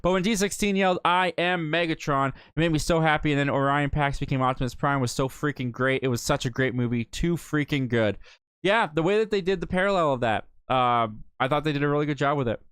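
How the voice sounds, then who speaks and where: A young man hosts a casual live movie chat, reading out viewer messages and answering them in an upbeat, talkative way. His voice sits a little high and sounds smooth and resonant. The recording is dry, with almost no room sound. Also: fairly quick, fairly bright tone, no echo. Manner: chatty, upbeat, reads out comments then reacts. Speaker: host of a live movie talk show.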